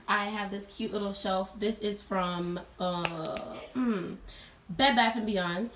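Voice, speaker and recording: In a casual vlog with a bit of background noise, a young adult college student shows off her dorm room. Her mid-range voice is chatty and upbeat as she addresses viewers directly.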